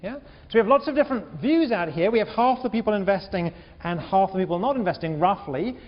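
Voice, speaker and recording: A man lecturing a large university class, animated, often repeating words and putting questions to the students. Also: high-pitched, fast talker. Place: large lecture hall with balcony. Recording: echoey hall, dull lo-fi sound.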